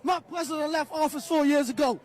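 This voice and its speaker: A man protesting on a city street, angry and shouting, repeating himself. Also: extremely high pitch, steady tone, brisk. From outside the United States. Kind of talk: impassioned street interview. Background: crowd.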